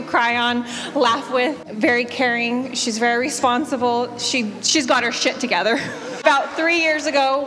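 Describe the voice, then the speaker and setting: A young woman giving a heartfelt, slightly halting toast as maid of honor. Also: on the high side. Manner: warm, laughing, a bit halting. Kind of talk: emotional wedding toast. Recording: echoey hall reverb. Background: soft music.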